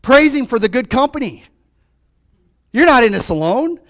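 Preaching fervently at a moderate pace, a pastor with a strikingly high, sing-song voice lurches between loud, impassioned peaks and quiet, low lulls. Again and again he turns to the congregation and asks them questions outright.

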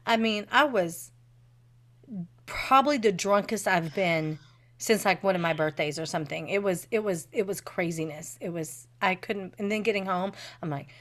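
Woman, podcast co-host, casual chat, animated, swears freely, laughs often. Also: medium pitch, normal speed.

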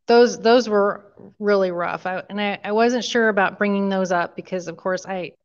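A woman's voice: mid-range voice, normal speed, clear, resonant tone. Emotional woman, dull lo-fi sound. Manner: emotional, gushing, trailing off. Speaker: podcast co-host. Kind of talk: casual chat.

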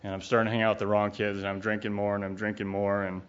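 A man's voice: lowish voice, monotone, quick pace, smooth. A middle-aged man giving a candid, rambling personal recovery talk, blunt and often profane, with many fillers. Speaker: speaker at a recovery retreat. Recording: dull lo-fi recording.

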